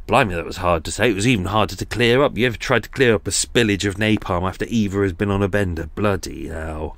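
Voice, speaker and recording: A man's voice: low-pitched, quick pace, few pauses, fairly bright tone, dry recording. A man hosting a podcast, telling a rambling comic monologue full of jokey asides and sighs. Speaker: podcast host.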